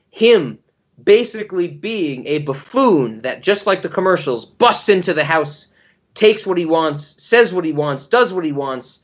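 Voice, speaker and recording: A man's voice: fairly high pitch, dull audio. A man co-hosting a podcast, giving long-winded, rambling explanations in casual chat. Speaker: podcast co-host.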